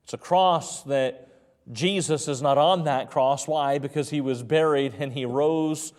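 A man pastor preaching a sermon in a church sanctuary, repeating words and stretching key phrases slowly, dropping to a hush for emphasis. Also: a little high, clean tone, in a large hall.

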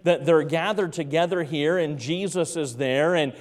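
A man with a fairly high voice preaches an evening sermon. He hammers key phrases again and again, then sometimes sinks into a hushed, gentle tone. His voice rings with the long reverb of a church sanctuary. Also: moderate pace. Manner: emphatic, repeats key phrases, drops to soft tones. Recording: long reverb of a large room.

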